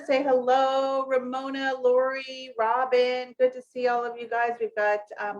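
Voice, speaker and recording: A middle-aged woman from the United States hosts a livestream in a loose, chatty way, trailing off into fillers and starting sentences over. She breaks off to greet her viewers by name with a lift in her voice, then settles back into her coaching talk. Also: fairly high pitch. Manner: chatty and rambling, many fillers and self-corrections. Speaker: network marketing coach hosting a live session.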